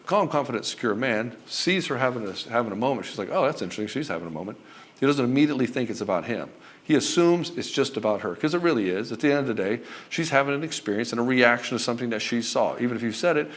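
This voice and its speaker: A middle-aged man coaching husbands on their marriages, talking bluntly with swearing and acting out both sides of conversations. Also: mid-range voice. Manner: blunt and profane, acts out both sides of dialogues. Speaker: relationship coach. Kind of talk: direct-to-camera coaching monologue.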